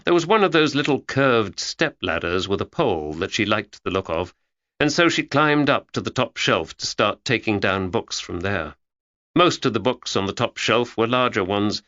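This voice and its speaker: A man reads an audiobook with expressive storytelling, his pitch moving a lot. His voice is bright and forceful, heard through a dull, lo-fi recording. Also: no echo. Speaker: audiobook narrator. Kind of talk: scripted narration.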